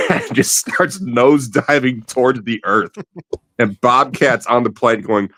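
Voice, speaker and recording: A man's voice: mid-range voice, sing-song, measured pace, bright, forceful tone, dry recording. A man hosting a casual late-night chat, rambling through stories and swearing freely. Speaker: podcast host.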